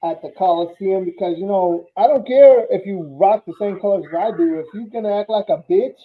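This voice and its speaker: A man's voice: sits high, fairly quick, narrow, tinny audio, slight background noise. A man joining a live fan show in casual chat, blunt and profane. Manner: blunt, profane, agrees loudly.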